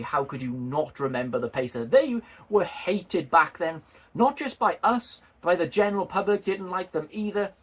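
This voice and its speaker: A man's voice: on the high side, fairly bright tone, husky. A man chatting casually and jokingly to his video viewers, self-deprecating and friendly. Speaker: model railway YouTuber.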